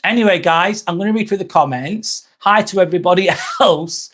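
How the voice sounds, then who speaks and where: A man's voice: sits high, brisk, fairly bright tone. A man hosting a live stream, talking candidly and bluntly, swearing often as he rambles and reads viewer comments aloud.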